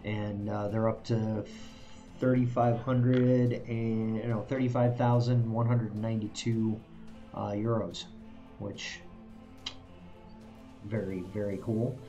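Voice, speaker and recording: Slow, mellow-voiced male game streamer. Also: fairly low pitch, flat delivery, lo-fi sound. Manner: chatty, self-mocking, chuckles often. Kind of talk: casual live-stream commentary while playing. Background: faint game music.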